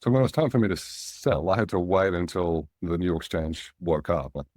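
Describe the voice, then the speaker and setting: A middle-aged Australian man, a guest in an interview, telling relaxed anecdotes and animating the voices of people he quotes. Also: low-pitched, fairly quick, dry recording, clean studio sound. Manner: anecdotal, animated when quoting others. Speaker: guest, angel investor.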